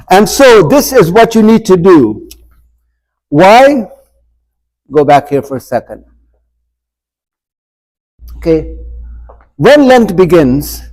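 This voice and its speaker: A man with a rather high-pitched voice leads an informal adult Bible class in a church room. He talks conversationally, throws questions at the group, and plays out scripture exchanges with a light comic touch. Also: a little mellow, low-quality recording. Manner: conversational, asks the group questions, acts out dialogue with humor. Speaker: pastor leading an adult forum.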